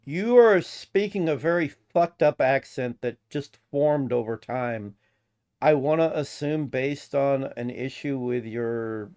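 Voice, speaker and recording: A man's voice: medium pitch, a little slow, darkish tone. A man from the United States giving casual reaction commentary, profane and mocking, rambling as he goes. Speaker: reaction video host.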